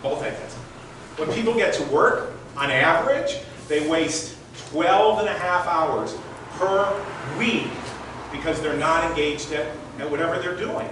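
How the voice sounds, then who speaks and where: A man's voice: on the high side, unhurried, noisy background. A man in his sixties giving a storytelling talk on stage, speaking conversationally and directly to the audience while demonstrating with his hands. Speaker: motivational speaker. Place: large hall with audience. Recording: echoey hall from far off.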